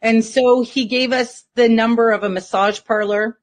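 Woman guest, somewhat high voice, casual storyteller who rambles and fills gaps with "like". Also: steady tone, normal speed. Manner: rambling, many fillers. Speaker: interview guest.

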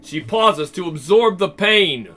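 High-voiced, jokey male storyteller. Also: animated, slow pace, bright, forceful tone. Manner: jokey, chatty asides. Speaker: narrator reading a role-play story. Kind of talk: casual story reading with joking asides.

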